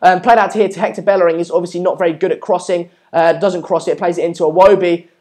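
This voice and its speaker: A man's voice: sits high, fairly even intonation, quick pace, a little mellow. A young man hosting a live football watchalong, commentating on play and reading out viewer comments in a chatty way with many ums. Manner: chatty, lots of ums, urges viewers to subscribe. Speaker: live stream watchalong host.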